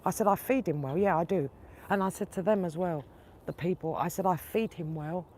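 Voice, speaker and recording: A woman's voice: on the low side, brisk, darkish tone, a little hiss or hum. A woman hosting a vlog, angrily retelling a run-in with her neighbours and quoting both sides at length. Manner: indignant, retells arguments with quoted dialogue. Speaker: tarot channel host. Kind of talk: casual vlog storytelling.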